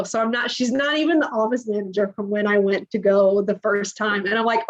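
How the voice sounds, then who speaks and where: A woman in her thirties, a podcast guest, retells a personal story in a casual interview, animatedly acting out the dialogue. She speaks at medium pitch, briskly and with few pauses, and the audio is dull and lo-fi.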